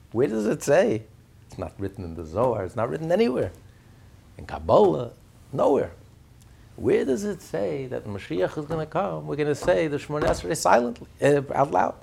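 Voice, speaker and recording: Gravelly, animated man teaching Torah. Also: fairly high pitch, a little slow, pauses often. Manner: animated storytelling, acts out quotes, rhetorical questions. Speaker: rabbi teaching. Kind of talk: Torah class.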